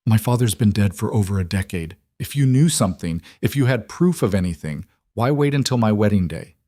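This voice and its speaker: A man's voice: lowish voice, animated, a little fast, dark tone, no room sound, studio quality, natural voice. A man voicing a cornered young bride who pleads and argues with rising desperation. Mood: distraught.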